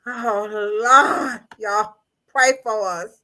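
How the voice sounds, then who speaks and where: Loud, animated woman livestream co-host. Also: on the high side, takes it slowly, pauses often. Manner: loud, laughing, dramatic outbursts. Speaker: podcast co-host. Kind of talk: casual livestream chat.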